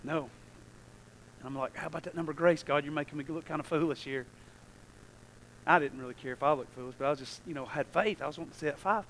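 A male preacher telling a story in a sermon, swinging from hushed asides to shouted prayers. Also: on the high side, fast talker, pauses often, a little hiss or hum, low-quality recording.

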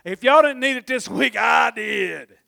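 High-voiced preacher, emphatic. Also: male voice, a little slow, vocal fry. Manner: emphatic, swings between loud exclamations and quiet murmurs. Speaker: pastor. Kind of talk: sermon. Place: church.

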